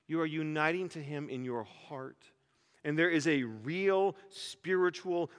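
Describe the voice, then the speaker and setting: High, bright-voiced joking preacher. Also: male voice, big-room sound. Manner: animated, joking, full of rhetorical questions. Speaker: pastor. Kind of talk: sermon.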